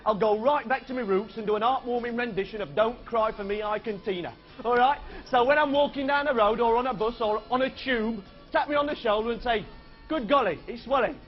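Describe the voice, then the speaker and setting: Man doing a high-voiced, brash would-be pop star, boastful and deadpan, on dull old TV sound with faint music. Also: a little fast. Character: hopeless boastful young male wannabe pop star. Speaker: comedy performer. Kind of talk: comic character monologue.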